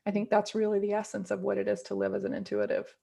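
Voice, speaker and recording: A woman's voice: mid-range voice, sing-song, fast, gravelly, mellow, husky. A woman guest in a casual interview, talking in an earnest, reflective way and often repeating words as she thinks.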